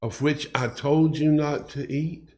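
A man preaching a sermon puts on the voice of a grieving God, calling out low and soft, drawn out. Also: steady tone, slow pace. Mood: sorrowful.

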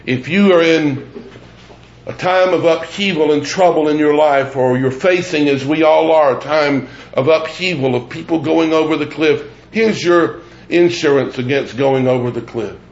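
A man preaching a sermon as pastor, deliberate and emphatic, repeating phrases for weight. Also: on the high side, reverberant, muffled recording. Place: church sanctuary.

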